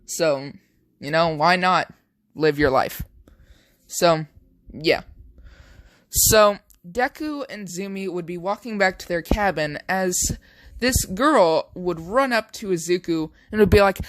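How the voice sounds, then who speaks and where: A man's voice: sits high, lively intonation, takes it slowly, a bit bright, no echo. A young man casually narrating an improvised fan story, rambling with many fillers.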